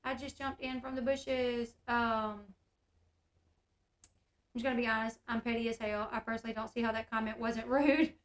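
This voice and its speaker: A woman's voice: on the high side, fairly even intonation, normal speed, reverberant. A woman chatting candidly on a livestream, reading comments aloud as she does her hair. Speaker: YouTube host. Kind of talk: casual livestream chat. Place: room at home.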